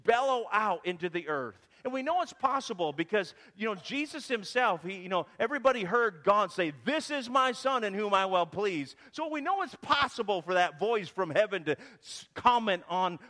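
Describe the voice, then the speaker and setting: A man's voice: high voice, normal speed, few pauses. A man preaching a sermon in a church, telling stories with bursts of emphasis. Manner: animated storytelling with bursts of emphasis. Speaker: guest preacher. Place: church sanctuary. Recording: reverberant church hall.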